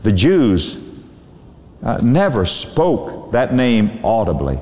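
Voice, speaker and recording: A man's voice: sing-song, warm tone. A man preaching a sermon, drawing out words for dramatic emphasis. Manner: dramatic, drawn-out emphasis with sweeping pitch. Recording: echoey hall with long reverb.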